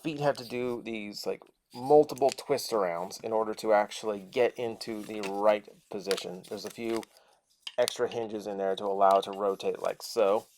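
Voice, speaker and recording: A man's voice: on the low side, fairly even intonation, normal speed, a little mellow, a little hiss or hum. Chatty man reviewing a toy. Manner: chatty, thinking aloud while handling the toy. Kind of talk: casual toy review while transforming a figure.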